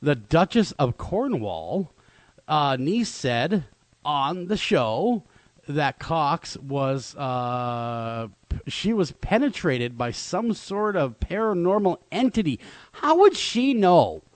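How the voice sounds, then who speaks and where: A man's voice: a little high, takes it slowly, no room sound. A man co-hosting a radio show in casual banter, telling stories playfully and often laughing. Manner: animated, laughing, playful storytelling. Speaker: radio co-host.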